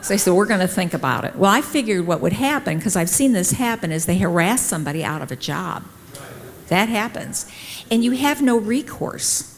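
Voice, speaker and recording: Middle-aged woman telling a story in a reverberant hall. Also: lowish voice. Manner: lively, acts out quoted dialogue. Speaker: nurse and conference speaker. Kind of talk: personal storytelling talk. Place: conference hall.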